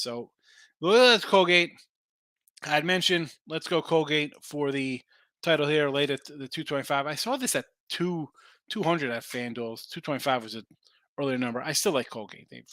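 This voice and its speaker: Hosting a sports betting podcast, a man with a fairly high, bright, forceful voice runs loosely through his picks and answers viewers' chat comments. The recording is clean studio sound with no echo.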